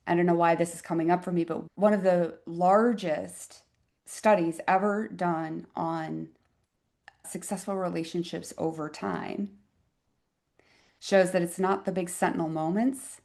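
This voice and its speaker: A woman physician in her fifties, a podcast guest telling a personal story in a reflective, expressive way with wry asides. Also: on the low side, measured pace, vocal fry. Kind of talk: conversational interview storytelling.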